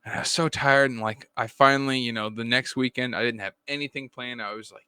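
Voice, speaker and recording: A bright-voiced man chats casually on a comics podcast, storytelling with animated energy and jumping up in pitch for quotes. The sound is dry and close. He talks loosely, with fillers and restarts. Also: quick pace, hardly any pauses, clean tone, dry recording. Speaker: podcast co-host, comic writer. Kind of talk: casual chat.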